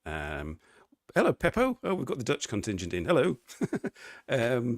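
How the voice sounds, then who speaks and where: A man's voice: medium pitch, huge pitch swings, normal speed, no echo, studio quality. A middle-aged man chatting casually on his live stream from his living room, greeting viewers and laughing often.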